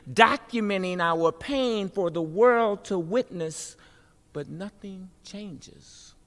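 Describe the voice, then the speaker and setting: A woman performing spoken-word poetry with rhythmic, emphatic refrains and dramatic pauses, then speaking informally at a festival event. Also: deep voice, gravelly, fairly bright tone. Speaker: poet and city politician speaking at a festival. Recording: long reverb of a large hall.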